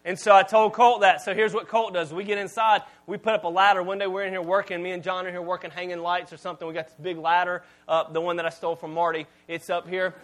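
A pastor with a notably high voice delivers a sermon in a relaxed, conversational way. He tells stories and swings from loud, punchy lines down to quiet asides. He sounds like a man in his thirties. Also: fast talker, hardly any pauses. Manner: conversational, storytelling preacher with swings in volume.

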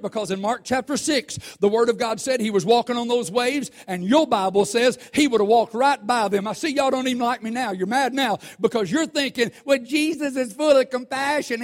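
A man preaching a sermon, talking conversationally to the congregation and swelling into shouts. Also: very high-pitched. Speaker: pastor.

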